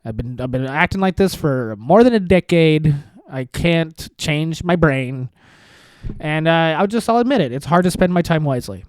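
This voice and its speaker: A man's voice: fairly high pitch, animated, moderate pace, no echo. A young man hosting his own podcast, rambling through self-deprecating jokes with lots of restarts. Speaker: podcast host. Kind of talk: solo comedic podcast monologue.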